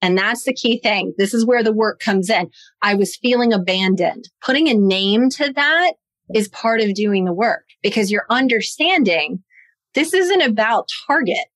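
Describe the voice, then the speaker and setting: A woman telling a personal story in a podcast conversation, lively and acting out quoted lines. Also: medium pitch, normal speed, dry recording. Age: adult, parent of a young son. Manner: animated, acts out her own and others' quoted lines.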